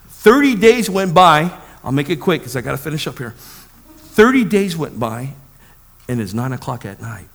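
A man preaching, telling a personal testimony as a lively story and acting out the voices of the people in it. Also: fairly high pitch, long reverb tail. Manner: animated storytelling, acts out voices. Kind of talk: sermon testimony.

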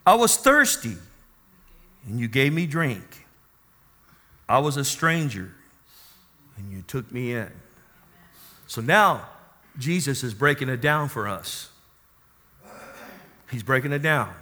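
A man preaching a sermon who calls out to the congregation for amens and swings between quiet teaching and loud, rising exclamations. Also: medium pitch, animated, slow, pauses often. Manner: call-and-response preaching, asks the congregation for amens.

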